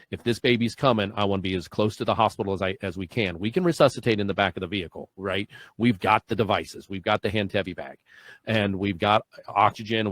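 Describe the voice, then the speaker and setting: A man in his forties hosting a podcast, telling a story with lively acted-out dialogue and frequent laughs. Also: fairly low pitch, dry recording. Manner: animated storyteller, acts out dialogue, laughs often. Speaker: podcast host. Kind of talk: casual podcast conversation.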